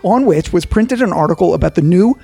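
A man co-hosting a podcast, with a gravelly, husky voice pitched a little high. He reads facts from his notes and throws in wisecracks. The sound is close and dry. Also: lively intonation, a little fast, dark tone, dry recording, faint music behind. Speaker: podcast co-host. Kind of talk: casual chat with read-out notes.

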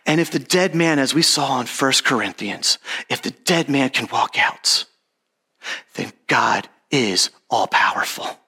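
A man's voice: medium pitch, unhurried, bright, forceful tone, husky. A man giving a casual, conversational sermon, acting out Bible characters in an everyday modern voice. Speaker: preacher.

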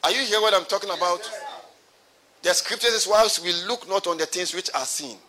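A man's voice: high-pitched, brisk, pushed and bright. A pastor preaching a sermon to his congregation, repeating his phrases and calling for responses.

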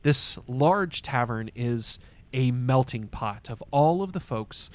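A man narrating as game master of a tabletop role-playing game, describing scenes at length with many fillers and pauses. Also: medium pitch, animated.

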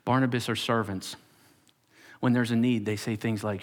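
A man's voice: mid-range voice, moderate pace. A male pastor giving a sermon to his church, acting out quoted voices and dropping to whispers for emphasis. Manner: animated, acts out quoted voices, drops to whispers.

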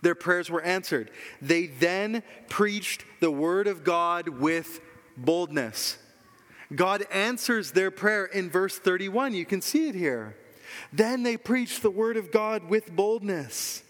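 A man's voice: high voice, lively intonation, slow, fairly bright tone, long reverb tail. A man preaching a sermon as pastor, earnest and emphatic, repeating key phrases for weight.

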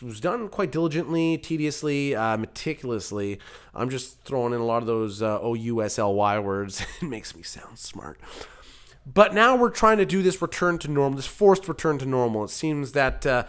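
A man's voice: mid-range voice, lively intonation, normal speed, fairly bright tone, clear, resonant tone. A man from Canada hosting his own comedy podcast alone, rambling through jokey digressions and interrupting himself. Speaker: podcast host and producer.

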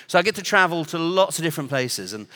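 A man's voice: fairly high pitch, lively intonation, quick pace, sharp tone. A man from Northern Ireland with an English accent, preaching a sermon with humorous, self-deprecating stories. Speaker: guest preacher. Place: church auditorium. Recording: long hall reverb.

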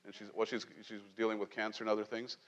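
A man's voice: on the low side, quick pace, long reverb tail, lo-fi sound. A man preaching a sermon as pastor, talking conversationally and joking with his congregation. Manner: conversational, animated preaching with jokes and asides. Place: church sanctuary.

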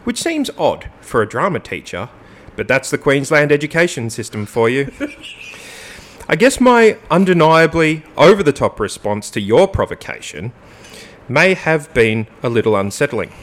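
A man's voice: a little high, very animated, a little slow. Joking podcast co-host man. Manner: jokey, laughs often, dry mock-formal reading. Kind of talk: casual banter and reading a statement aloud.

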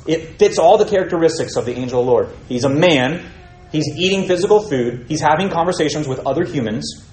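A man's voice: a little high, dark tone, echoey room, poor audio. A man teaching a Bible study, reading scripture aloud and explaining it with questions to his listeners.

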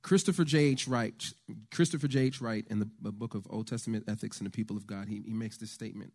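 An American man giving a conversational, faith-based talk on politics to a church lunch audience, telling stories with lively asides. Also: on the low side, fast. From United States. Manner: animated storyteller, conversational with the audience.

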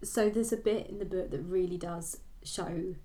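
A woman's voice: fairly low pitch, fairly even intonation, normal speed, dark tone. Hesitant woman chatting about a book. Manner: hesitant, many ums and restarts. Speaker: podcast co-host. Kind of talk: casual book-club chat.

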